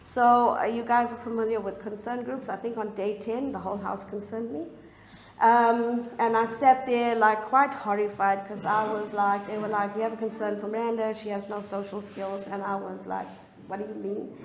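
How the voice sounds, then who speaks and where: A woman's voice: mid-range voice, a little hiss or hum. Emotional woman sharing in an echoey room. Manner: emotional, halting, candid. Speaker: speaker sharing a recovery story. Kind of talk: personal testimony at a recovery meeting. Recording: echoey room, faint ambience.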